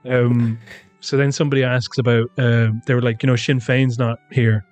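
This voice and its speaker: A man's voice: medium pitch, level tone, moderate pace, darkish tone, no echo, faint music behind. An Irish man co-hosting a podcast in casual chat, retelling events and mimicking the people he quotes. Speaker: podcast co-host.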